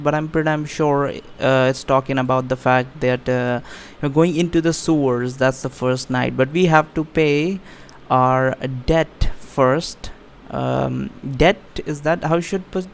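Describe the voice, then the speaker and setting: A man hosting a let's play of a text game, reading it aloud and thinking out loud in a casual, profane way. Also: a little high, a little hiss or hum. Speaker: gaming channel host.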